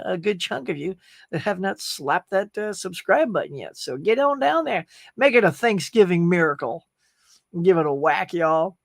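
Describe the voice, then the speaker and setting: Casting: upbeat male stream host, higher voice, dry close sound, loose rambling chat. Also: vocal fry, no echo. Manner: chatty, upbeat, rambling with fillers. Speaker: livestream host. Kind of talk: casual live chat reading comments.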